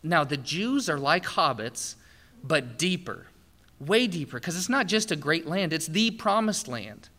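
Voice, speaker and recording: A man's voice: a little high, sing-song, unhurried, pushed and bright. A man preaching a sermon, telling the story with animation and acting out the quoted speech. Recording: long hall reverb.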